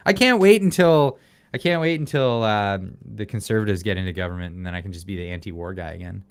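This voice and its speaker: A man hosting a casual livestream chat, talking in an animated, sarcastic way and laughing often. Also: lowish voice, fast, clean tone. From Canada. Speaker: show host.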